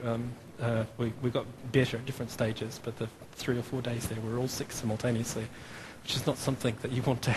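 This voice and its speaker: Chatty Australian man preaching in a hall. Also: medium pitch. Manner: chatty and self-deprecating, with many fillers and restarts. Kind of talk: sermon. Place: church. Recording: long hall reverb, faint room noise.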